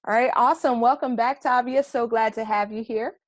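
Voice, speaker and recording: Woman, panel host, enthusiastic, high-ish voice, dry sound. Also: steady tone, brisk, no echo. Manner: upbeat and enthusiastic. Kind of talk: podcast panel hosting.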